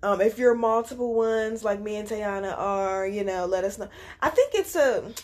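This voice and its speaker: A woman's voice: medium pitch, normal speed. A woman co-hosting a casual podcast, talking in a chatty, rambling way with plenty of fillers. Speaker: podcast co-host.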